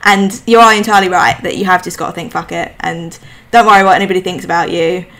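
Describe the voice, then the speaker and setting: A woman's voice: on the low side, steady tone, fast, fairly bright tone. A woman with a slight lisp, hosting a casual podcast chat from home and talking in an emphatic, chatty way. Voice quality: lispy. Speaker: podcast host.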